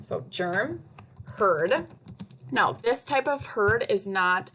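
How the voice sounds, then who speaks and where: Woman teacher, mid pitch, unhurried, patient spelling-drill delivery. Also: lively intonation, bright, forceful tone, a little hiss or hum. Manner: slow, patient, over-enunciated word drills. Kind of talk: recorded spelling lesson for children.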